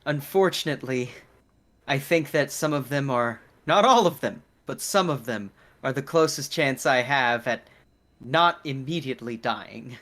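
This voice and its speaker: A man's voice: medium pitch, measured pace, fairly bright tone, close to an everyday voice. Earnest young samurai, dim and loyal, polite and a bit apologetic, voiced by a man in a tabletop game.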